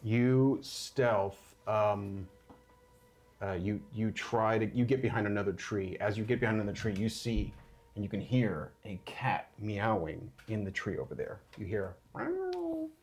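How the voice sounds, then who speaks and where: A man narrating a tabletop game as dungeon master, casual and halting, with many fillers. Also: lowish voice, fairly even intonation, a little mellow.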